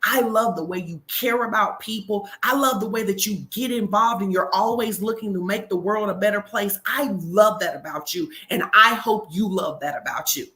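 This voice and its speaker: A woman hosting a live stream, giving a motivational talk with energetic, emphatic encouragement. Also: mid-range voice, moderate pace, few pauses.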